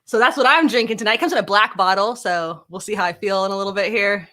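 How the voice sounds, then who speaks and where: A woman's voice: medium pitch, fast, sharp tone. A woman chatting on a video call, self-deprecating and calling herself neurotic. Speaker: guest, a parent. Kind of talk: casual chat on a virtual happy hour.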